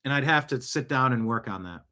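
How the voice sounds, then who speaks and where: A man's voice: mid-range voice, brisk, bright, forceful tone. A middle-aged man hosting a casual news commentary show, reading posts aloud with chuckles and asides. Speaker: host.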